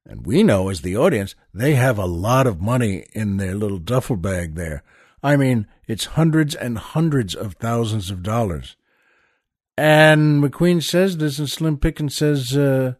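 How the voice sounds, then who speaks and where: A man's voice: medium pitch, lively intonation, measured pace, darkish tone, no echo, clean studio sound. An older man hosting a podcast, telling stories in a casual, rambling way, with many "uh"s and restarts, and calling his listeners "folks.". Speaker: podcast host. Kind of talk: casual storytelling monologue.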